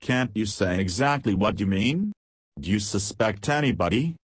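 A man's voice: lowish voice, animated, moderate pace, husky, no room sound, studio quality. A man voicing a proud young woman who is accused and indignant, in an audiobook reading.

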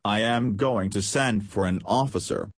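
A man reading a calm, dry detective. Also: lowish voice, measured pace, husky, no echo. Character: calm shrewd middle-aged male detective.

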